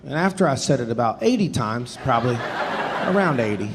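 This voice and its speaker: A man's voice: medium pitch, big pitch swings, fairly quick, background noise. A man in his thirties doing stand-up, rambling and self-deprecating, often chuckling through his lines. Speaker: stand-up comedian. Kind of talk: stand-up storytelling. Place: theater stage with live audience.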